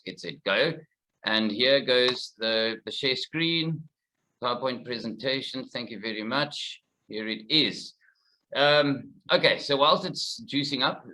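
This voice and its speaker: A man from South Africa giving a fast, informal conference presentation from a research facility. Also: mid-range voice, bright, forceful tone, rough recording. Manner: quick, informal, slightly rushed. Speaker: conservationist presenter.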